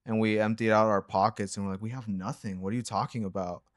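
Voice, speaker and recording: Laid-back low-voiced young man telling a story. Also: steady tone, fast talker, no echo, clean studio sound. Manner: laid-back, rambling, lots of filler and slang. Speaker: co-host of a reaction channel. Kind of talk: casual storytelling chat.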